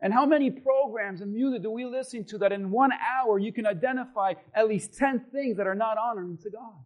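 A man preaching a sermon as pastor, building to shouted emphasis. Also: high voice, brisk.

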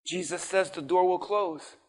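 High-voiced preacher giving a dramatic sermon. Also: male voice, a little slow. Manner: dramatic, acts out voices of people in hell. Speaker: pastor.

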